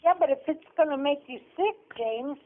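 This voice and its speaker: An older woman, the host's grandmother, giving calm, brief answers as a guest on a casual podcast. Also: high voice, normal speed. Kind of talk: casual chat. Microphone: phone call. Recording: tinny phone line.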